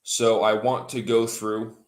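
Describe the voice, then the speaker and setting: A man teaching English on a livestream, who talks slowly and repeats words for his learners. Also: fairly low pitch, level tone. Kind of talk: livestream language lesson.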